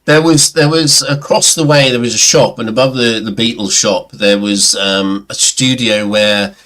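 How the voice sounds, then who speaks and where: A man's voice: medium pitch, fairly even intonation, normal speed, fairly bright tone. A middle-aged man chatting casually on a livestream, telling rambling anecdotes and sometimes mimicking other people's voices. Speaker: guest. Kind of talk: casual chat about records. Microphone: webcam or computer mic on a livestream.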